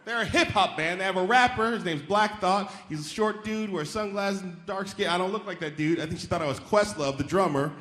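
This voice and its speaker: A man's voice: sits high, fairly quick, hardly any pauses, fairly bright tone. A man doing a stand-up comedy set on a theater stage, talking casually and riffing with the audience, now and then mimicking chirpy voices. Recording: roomy live hall with faint crowd noise. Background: audience laughter.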